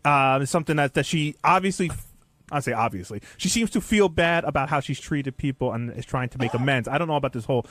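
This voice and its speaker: Man, radio staffer, enthusiastic storyteller, lively up-and-down voice, dry close mic. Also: fast, no room sound. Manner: enthusiastic, swings in pitch while telling a story. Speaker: staff member of a radio show. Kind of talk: casual studio chat.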